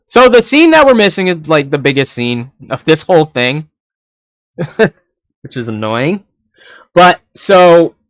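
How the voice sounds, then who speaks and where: A man's voice: on the high side, a bit bright, smooth, no echo, studio quality. Rambling young man reviewing anime. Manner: rambling, laughs often, casual swearing. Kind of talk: casual episode review.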